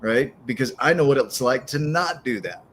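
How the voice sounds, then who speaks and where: A man's voice: medium pitch, lively intonation, moderate pace, fairly bright tone, slight background noise. A man hosting a podcast who talks in an earnest, encouraging way and keeps circling back to his point. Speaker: podcast host. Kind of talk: casual podcast conversation.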